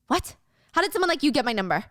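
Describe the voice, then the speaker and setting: A woman's voice: high-pitched, very animated, fast, fairly bright tone, no room sound, clean studio sound, pitched above the performer's own voice. Woman doing a calculating young office worker. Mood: firm.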